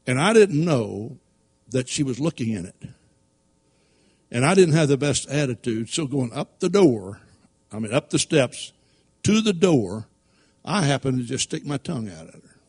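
A man preaching a sermon through folksy, animated personal stories and laughing at his own tales. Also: medium pitch, moderate pace, long pauses, breathy edge. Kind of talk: sermon storytelling.

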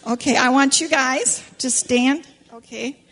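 A woman leads a Sunday school lesson, telling a story to children in an animated, playful way. She keeps stopping to ask the kids questions. Her voice sits a little high. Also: a little slow. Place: church classroom with children.

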